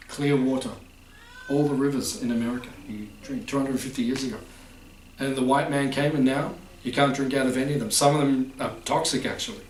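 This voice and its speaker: A man giving a chatty spiritual talk, often quizzing his audience. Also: mid-range voice. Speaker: spiritual teacher. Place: festival hall. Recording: roomy hall, distant mic.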